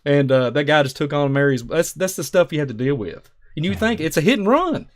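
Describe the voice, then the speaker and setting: A man's voice: on the high side, very animated, fairly quick. A man telling stories on a talk show, emphatic and rambling, acting out the voices of people in his stories. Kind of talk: animated storytelling on a talk show.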